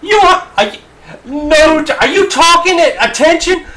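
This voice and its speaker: A man putting on the voice of a menacing army drill sergeant who badgers a recruit in a shout. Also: animated, normal speed, heavily acted, rough recording. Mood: bellowing. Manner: shouting, badgering, high and strained.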